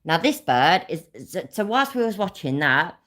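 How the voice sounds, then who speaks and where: A woman's voice: fairly low pitch, big pitch swings, normal speed, a bit bright. A woman from Leicester with an East Midlands accent, hosting a casual live stream and ranting in rambling, sweary bursts that speed up. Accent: East Midlands English. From Leicester, England.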